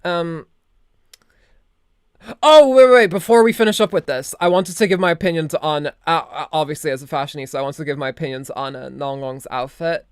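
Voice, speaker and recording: A woman's voice: deep voice, a little fast, darkish tone, clear, resonant tone, no room sound. A young adult woman streaming as a VTuber, chatting casually and rambling, swearing now and then into a close desk mic. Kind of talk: casual live-stream chat.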